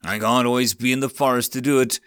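A man's voice: mid-range voice, steady tone, quick pace, fairly bright tone, clear, resonant tone, no echo, clean studio sound, lightly acted. A man voicing a wry, patient adult human wizard in a storybook reading, with a foreign-sounding voice. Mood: amused.

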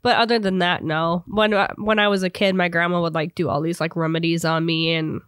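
A woman's voice: lowish voice, fairly even intonation, brisk, a bit bright, clear, resonant tone, dry recording, clean studio sound. Stuffy-nosed chatty young woman. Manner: chatty, laughs often, swears casually. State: stuffy nose from a cold. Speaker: podcast co-host. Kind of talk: casual chat.

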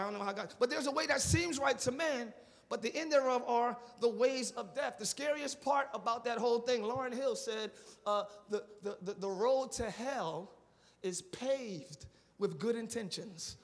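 A male pastor preaching a live sermon, animated and repetitive, asking the congregation for responses and dropping into casual slang. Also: extremely high pitch. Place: church sanctuary. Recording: long reverb of a large church.

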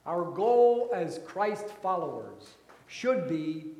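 A man preaching a sermon as pastor, slow and deliberate, his voice rising for emphasis and then dropping soft. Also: high voice, very animated, creaky, reverberant.

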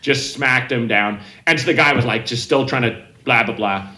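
A man chats casually with a bright, forward tone, looping through his story with restarts and voiced quotes. His voice rings a little in an echoey room. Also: mid-range voice, normal speed. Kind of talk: casual chat.

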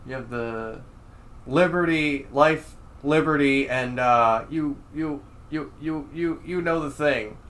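A man voicing a halting, stammering elderly male politician who repeats words and trails off. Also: a little high, fairly bright tone, pitched above the performer's own voice. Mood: fumbling.

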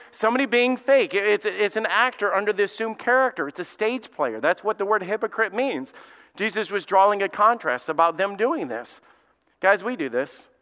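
Animated pastor preaching in a reverberant hall. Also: male voice, high-pitched, clear, resonant tone. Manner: animated and joking, acting out quick little scenes. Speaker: lead pastor. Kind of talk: sermon.

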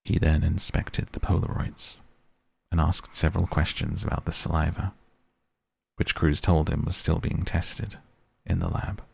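Male narrator for a novel, gravelly fry, voices characters with little change. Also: very deep voice, a little slow, no room sound. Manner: reads all characters in a mostly even narrating voice. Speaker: audiobook narrator. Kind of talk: scripted narration.

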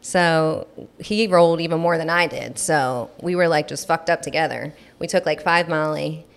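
A woman's voice: sits low, moderate pace, creaky, clear, resonant tone. A young woman casually telling a candid party story, rambling and swearing freely. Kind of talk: casual chat.

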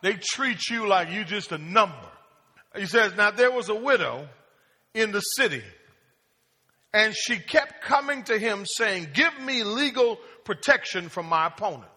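High animated preacher guy, bright husky voice, keeps asking the church questions, big echoey hall. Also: a little slow. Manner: call-and-response preaching, asks the congregation questions; plain-spoken, acts out casual prayers. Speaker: pastor. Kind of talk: sermon. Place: church sanctuary. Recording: long hall reverb.

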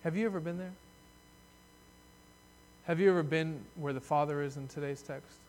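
A man preaching a sermon as pastor, earnest, rising loud and high when he voices a desperate plea, then dropping soft and low to reflect. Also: moderate pace, long pauses, a little hiss or hum.

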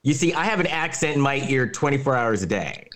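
A man's voice: medium pitch, animated, brisk, a bit bright. A man co-hosting a podcast, chatting casually, teasing his co-hosts and steering the talk back on track. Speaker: podcast co-host. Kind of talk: casual chat.

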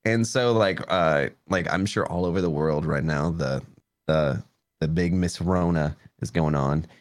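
A man's voice: a bass voice, a little slow. A man from Tennessee, a podcast guest, telling a story in rambling casual talk full of fillers. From Memphis, Tennessee.

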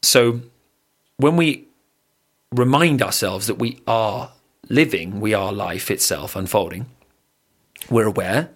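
A man, co-hosting a casual surf podcast and guiding a breathing exercise, lively and laughing, swearing casually. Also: on the low side, slow. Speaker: podcast co-host. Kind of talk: casual chat with guided breathing.

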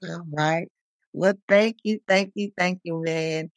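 Halting podcast host with a dry sound. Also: mid-range voice, fairly even intonation, no echo. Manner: warm, halting, many fillers. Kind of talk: conversational interview.

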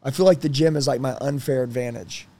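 A man in his thirties telling personal stories in a casual interview, blunt and animated, swearing freely. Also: mid-range voice, fast talker. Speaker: guest.

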